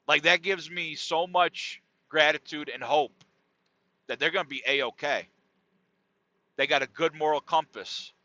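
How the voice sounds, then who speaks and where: A man's voice: on the high side, a little slow, bright, forceful tone, no echo. A middle-aged man hosting a podcast, talking in a rambling, laid-back and profane monologue. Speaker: podcast host. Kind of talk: casual comedic monologue. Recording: dull dry lo-fi sound.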